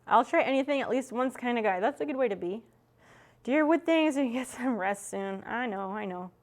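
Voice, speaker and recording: A woman's voice: fairly high pitch, lively intonation, a little fast. A young adult woman streamer chatting casually with her viewers as she works, swearing freely. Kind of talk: casual chat with chat while working.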